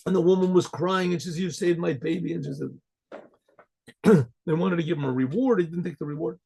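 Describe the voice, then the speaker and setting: A man, a rabbi, telling a folk story in a rambling way, often clearing his throat and restarting. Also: fairly high pitch, normal speed, a little mellow, slight background noise. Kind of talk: oral storytelling.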